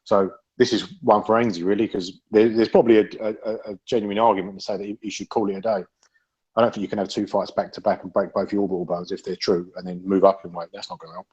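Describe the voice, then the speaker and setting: A man's voice: lowish voice, flat delivery, quick pace, a little mellow, slightly rough. A man in a casual podcast chat about boxing, rambling with many restarts and swearing freely. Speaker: podcast panelist. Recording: dull lo-fi audio.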